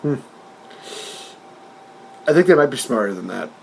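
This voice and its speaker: A man's voice: medium pitch, very animated, a little slow, creaky, slight background noise. A man co-hosting a podcast in casual chat, retelling events animatedly and often laughing. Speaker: podcast co-host.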